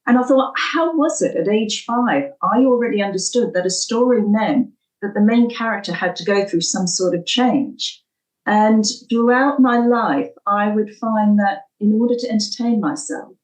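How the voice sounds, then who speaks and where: Middle-aged female guest, faint New York accent softened by British, remote echoey mic. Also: mid-range voice, normal speed. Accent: faint American, mixed with British after forty years in England. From United States, New York. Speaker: podcast guest, short story writer. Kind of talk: interview answers, storytelling. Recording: echoey and distant.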